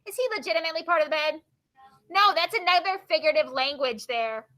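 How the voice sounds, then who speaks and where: A woman teacher reading poems aloud to her class and quizzing her students with quick questions. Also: high voice, pushed and bright.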